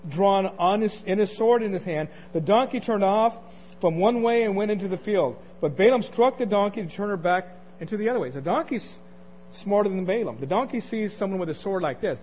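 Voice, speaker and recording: A man with a high voice preaches a sermon in a loose, conversational way, tossing questions out to his listeners. The recording is dull and lo-fi, with a faint hiss under it. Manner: conversational, asks the congregation questions, chuckles. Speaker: pastor.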